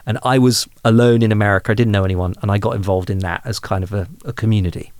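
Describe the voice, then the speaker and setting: A man in his thirties from England, a humanist chaplain, telling a personal story candidly in a podcast interview, self-deprecating and lively when amused. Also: fairly low pitch, quick pace, clear, resonant tone, dry recording.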